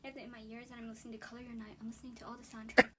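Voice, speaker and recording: Man mimicking a bubbly teen anime fangirl, very high squeaky voice, breakneck gushing. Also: flat delivery, pushed and bright, husky, full character voice. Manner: rapid gushing chatter. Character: bubbly anime-obsessed high school girl.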